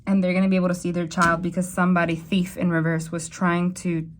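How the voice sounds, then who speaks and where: A young woman talks through a tarot reading straight to her viewers. She rambles and doubles back, and her voice jumps up in sudden bursts of excitement. Her voice sits a little low for a woman. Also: fast. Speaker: tarot reader. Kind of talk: casual tarot reading to camera.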